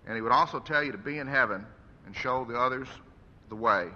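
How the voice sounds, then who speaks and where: A man's voice: medium pitch, a little fast, pushed and bright, a little hiss or hum. A man delivering an earnest, preacherly eulogy for his father at a funeral service. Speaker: son giving a eulogy. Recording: echoey hall, dull lo-fi sound.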